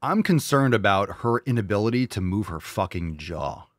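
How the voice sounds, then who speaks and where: A man's voice: on the low side, lively intonation, normal speed, no echo, clean studio sound. A man hosting a casual reaction show, talking bluntly and sarcastically with plenty of swearing. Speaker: show host.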